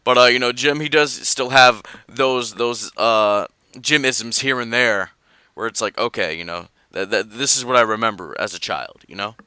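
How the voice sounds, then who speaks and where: A man co-hosting a casual wrestling podcast, reading fan mail and rambling through his opinions in an animated way. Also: mid-range voice, moderate pace, clear, resonant tone, dry recording. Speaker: podcast co-host.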